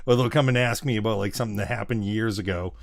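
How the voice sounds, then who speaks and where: A man's voice: on the low side, fast talker, creaky, no room sound, studio quality. A man in his forties co-hosting a podcast, telling stories with lots of swearing and laughter. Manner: laughing, profane storytelling. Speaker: podcast co-host. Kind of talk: casual chat.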